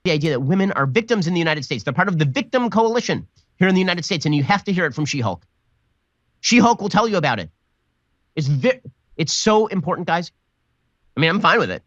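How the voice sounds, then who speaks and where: A man's voice: a little high, big pitch swings, fast talker, long pauses, fairly bright tone, no echo, highs cut off. A man giving mocking, sarcastic political commentary. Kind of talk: rapid-fire commentary.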